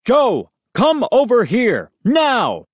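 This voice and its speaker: A woman voicing a big, gruff retired army man who barks commands at a boy. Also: a little high, huge pitch swings, extremely slow, dry recording, pitched above the performer's own voice, exaggerated voice. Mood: barking. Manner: barking, commanding.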